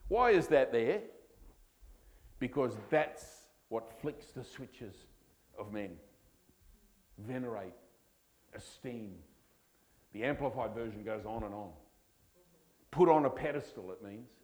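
A man's voice: medium pitch, animated, a little mellow, poor audio. A man preaching a sermon, from Australia, leaning hard on key words and stretching them out. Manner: emphatic, drawn-out key words.

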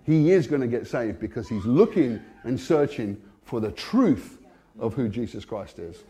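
A British man giving a testimony sermon, storytelling with energy and laughing often, swinging between hushed and loud. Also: mid-range voice, big pitch swings, unhurried. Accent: British English. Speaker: Christian speaker.

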